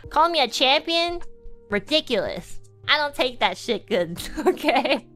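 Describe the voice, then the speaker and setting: A young woman streamer casually telling a personal story, animated and exaggerated, acting out the people she quotes and laughing along. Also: high voice, a little slow, faint music behind.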